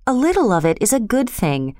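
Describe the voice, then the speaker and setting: A woman voicing a shy, gentle older man who speaks softly. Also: fairly high pitch, very animated, brisk, no room sound, clean studio sound. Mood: tender. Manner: shy, soft-spoken.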